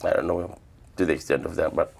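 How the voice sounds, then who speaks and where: An older man from Guam, telling stories of his past in a relaxed, reflective interview. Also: very deep voice, fast talker, vocal fry. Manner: relaxed, reflective storytelling with quoted dialogue. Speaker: interviewee, traditional healer. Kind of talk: casual storytelling interview.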